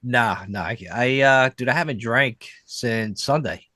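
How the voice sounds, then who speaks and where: A man's voice: mid-range voice, a little slow, no room sound. Guy co-hosting a podcast, rambles a lot, likes, you knows, dry sound. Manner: rambling, lots of fillers, animated storytelling. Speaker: podcast co-host. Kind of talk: casual chat.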